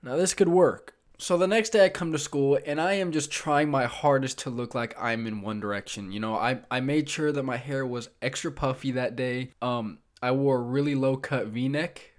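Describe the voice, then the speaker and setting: A man's voice: medium pitch, moderate pace, few pauses. Young man telling a wry storytime. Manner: casual, self-mocking storyteller with frequent fillers. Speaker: vlogger. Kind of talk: comedic storytime narration.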